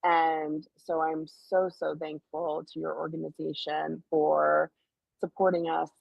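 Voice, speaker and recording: A woman's voice: low-pitched, level tone, measured pace, gravelly, no echo. A filmmaker woman speaking heartfelt and grateful in an interview over a video call. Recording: dull, lo-fi audio.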